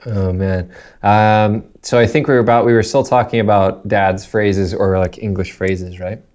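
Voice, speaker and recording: Low-voiced man teasing over a dull call line. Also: steady tone, normal speed, darkish tone. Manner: teasing, giggly, swears playfully. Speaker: podcast co-host. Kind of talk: casual chat. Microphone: video call. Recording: dull lo-fi video call audio.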